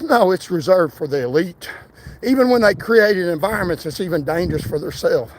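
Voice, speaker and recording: A man's voice: high-pitched, expressive, a little fast. A man, livestreaming a defiant, repetitive rant while walking outdoors toward a bridge. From Tennessee. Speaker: political livestreamer.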